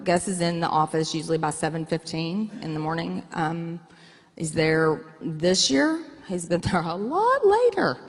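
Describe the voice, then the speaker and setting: A woman's voice: on the low side, a little slow, slightly rough. A middle-aged woman telling candid, self-mocking stories as a guest in an onstage interview. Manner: blunt, self-mocking, animated storytelling. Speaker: guest speaker. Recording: long hall reverb.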